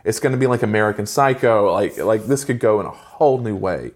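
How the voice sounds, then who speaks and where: A man in his forties giving an opinionated, ranting movie review in casual chat with a co-host. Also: on the low side. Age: 40s. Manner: opinionated, ranting with quick asides.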